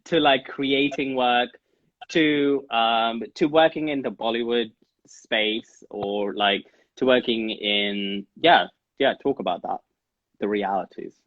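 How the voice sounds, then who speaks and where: A man's voice: mid-range voice, takes it slowly, dry recording. A man hosting a casual interview, who asks loose, rambling questions and laughs along with his guest. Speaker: podcast host. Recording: dull lo-fi sound.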